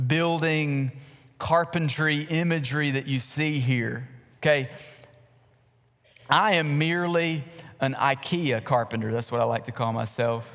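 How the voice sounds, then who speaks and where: A male pastor delivers his sermon at an unhurried, measured pace, leaning on pauses for emphasis. His voice sits a little high for a man. The sound carries the long reverb of a church sanctuary. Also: a bit bright. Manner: slow, deliberate preaching with emphatic pauses.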